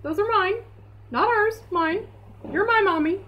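A possessive little dog with a sassy, squeaky voice set way up high, as a woman puts her on. She drawls her claims slowly. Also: a bit bright, slight background noise.

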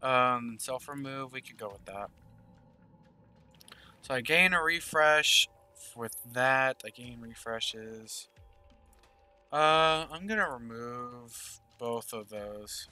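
A man's voice: medium pitch, expressive, slow pace, bright, forceful tone, smooth, no room sound, soft background music. A man giving casual gameplay commentary, thinking aloud and murmuring game text as he plays. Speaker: gaming channel host.

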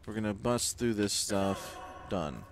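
A man's voice: lowish voice, animated, a little slow, a little hiss or hum. A man giving casual gameplay commentary, with joking asides that playfully mock the game's dialogue. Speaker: let's play gamer.

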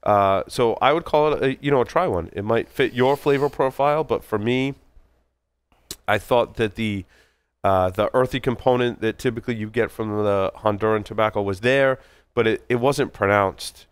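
A man's voice: lowish voice, moderate pace, clear, resonant tone, no room sound. A man co-hosting a casual chat, talkative and self-deprecating, tripping over hard names. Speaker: podcast co-host.

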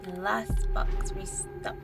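A woman's voice: slow, loud music behind the voice. A woman giving casual, crude, joking commentary while playing a horror game and reading its lines aloud. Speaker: gaming YouTuber.

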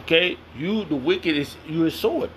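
A man's voice: a little high, expressive, measured pace, a bit bright, a little hiss or hum. A man reading scripture aloud and commenting on it in a heated, confrontational, slangy way. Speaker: self-styled preacher.

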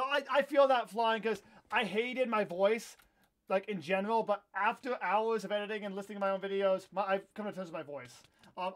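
A young man in his twenties with a fairly high voice chats casually while he plays live. He rambles from one thought to the next and breaks out in sudden loud yelps when the game goes wrong. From Iowa, USA. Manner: rambling and chatty, with sudden loud outbursts during play. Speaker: livestream host. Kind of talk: casual live gameplay chat.

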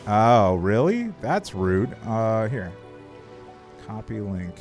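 A man live-streaming a game, his voice sitting low as he talks at an unhurried drawl. He swears freely, laughs a lot and trails off into restarts. Game music plays clearly behind him. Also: very animated, darkish tone. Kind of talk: casual live-stream chat while gaming.

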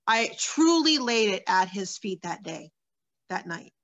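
A woman's voice: medium pitch, big pitch swings, unhurried, a bit bright, highs cut off. Earnest woman sharing a personal testimony. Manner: candid, earnest storytelling with many fillers. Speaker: guest.

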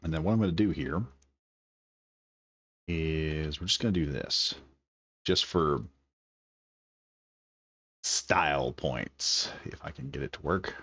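A man's voice: a bass voice, slow pace, pauses often, fairly bright tone, husky, dry recording. A man giving casual, enthusiastic gameplay commentary, thinking aloud as he builds. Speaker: gaming video creator.

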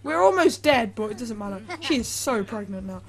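High-voiced, excitable woman gaming. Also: fairly quick, vocal fry. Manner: excitable, chatty, breaks into sudden shrieks and humming. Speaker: Let's Play host. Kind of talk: Let's Play gameplay commentary.

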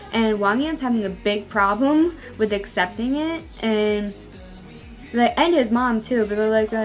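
A young woman chatting casually in a vlog, gushing about a web drama with lots of "like" and excited asides. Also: fairly high pitch. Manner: bubbly, gushing fan talk with many "like"s. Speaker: vlogger reviewing a web drama. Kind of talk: casual chat.

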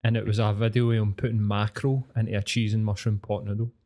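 A man's voice: on the low side, level tone, fast talker, mellow. A man in casual podcast chat, throwing in short dry quips.

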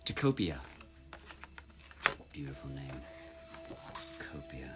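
Deep-voiced man chatting on a live stream. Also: big pitch swings, takes it slowly, music in the background. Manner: chatty, playful, reads names aloud and spells them out. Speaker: voice actor signing fan orders on stream. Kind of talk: casual live-stream chat.

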